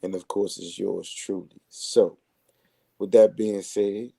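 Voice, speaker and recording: A man's voice: low-pitched, flat delivery, slow pace, vocal fry, dark tone, husky. A man hosting a laid-back online talk show, teasing his co-hosts in playful casual chat. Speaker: host.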